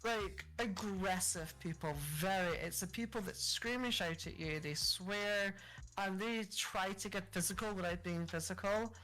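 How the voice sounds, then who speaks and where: A woman co-hosting a podcast, telling customer service stories in a casual, animated way, acting out angry customers and swearing freely. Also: medium pitch, a little slow, low-quality recording. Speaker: podcast co-host. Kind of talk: casual storytelling chat.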